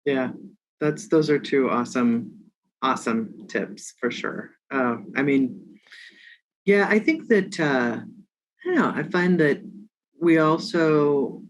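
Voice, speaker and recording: A woman's voice: low-pitched, expressive, slow, long pauses, poor audio. Chatty woman podcast host. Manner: chatty, rambling, with many fillers and small agreements. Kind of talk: casual interview conversation.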